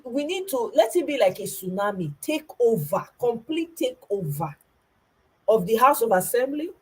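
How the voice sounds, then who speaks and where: A woman's voice: a little high, a little mellow, husky, poor audio. A Nigerian woman giving an impassioned political commentary, stressing her points by repeating them. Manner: emphatic, repeats herself for stress.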